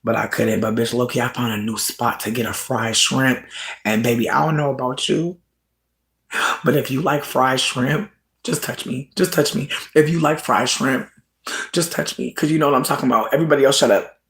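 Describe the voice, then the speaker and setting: Casual livestream host, mid-pitched, profane and animated, swings into squealing laughter, echoey room. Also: brisk. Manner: animated, profane, bursts into high laughing shouts. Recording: roomy echo.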